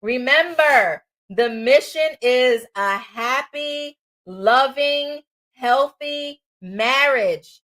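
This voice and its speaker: Woman, New York accent, co-host, loud, passionate, faith-based relationship talk. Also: sits high, drawn-out words.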